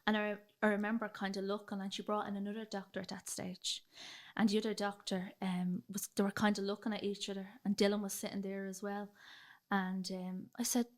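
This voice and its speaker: Young dublin woman talking through her story on a podcast, kinda flat even voice, lots of "like". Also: medium pitch, fairly quick. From Ireland. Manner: chatty, retells dialogue, fillers like "like". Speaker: guest. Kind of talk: personal storytelling in a podcast interview.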